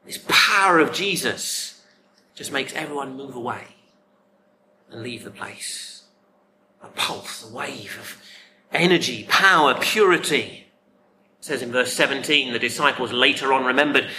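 A man preaching a sermon, emphatic, with dramatic pauses and repeated words. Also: mid-range voice, sharp tone, a little hiss or hum.

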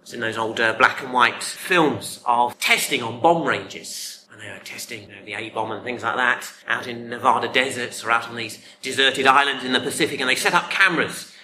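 A man preaching a sermon, emphatic, with dramatic pauses and repeated words. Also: medium pitch, crowd noise.

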